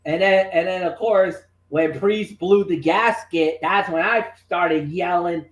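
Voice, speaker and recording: A man co-hosting a wrestling talk show, excitable and rambling, with lots of restarts. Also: high voice, a little slow, hardly any pauses, echoey room. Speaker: wrestling podcast co-host. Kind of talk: casual chat.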